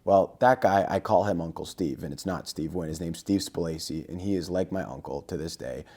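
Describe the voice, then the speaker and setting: Telling a casual story as a guest on a podcast, a man speaks a little fast in a low voice. He brings the anecdote to life by performing the lines of dialogue.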